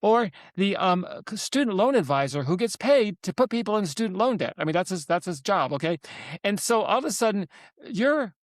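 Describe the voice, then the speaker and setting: A man in his seventies, a guest author telling stories in an interview, animated and emphatic, often repeating himself. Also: high voice, brisk, no room sound, clean studio sound. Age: 70s. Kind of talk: interview storytelling.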